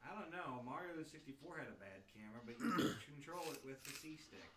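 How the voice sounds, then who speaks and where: A man chatting casually and joking while playing a video game with friends, often clearing his throat. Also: a little high, animated, brisk, bright, forceful tone, echoey room, a little hiss or hum. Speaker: gaming friend. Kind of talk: casual chat over gameplay.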